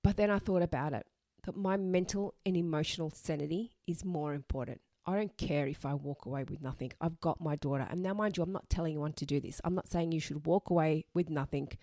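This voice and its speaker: A woman's voice: low voice, a little mellow, no room sound, clean studio sound. A woman hosting a podcast, giving blunt, emphatic advice and repeating her points for emphasis. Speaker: podcast host.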